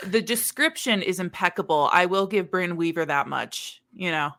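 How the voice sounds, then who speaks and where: A woman co-hosting a podcast, retelling a book in a chatty, animated way with lots of "like"s and laughter. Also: on the low side, moderate pace. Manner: animated, laughing, quippy storytelling with many "like"s. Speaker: podcast co-host summarizing a book. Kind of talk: casual chat.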